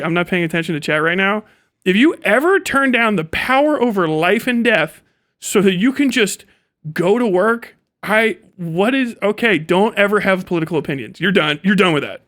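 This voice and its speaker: A man's voice: high voice, animated, moderate pace, a bit bright. A man livestreaming a profane, sarcastic rant, mocking and swearing at his viewers. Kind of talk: ranting livestream commentary.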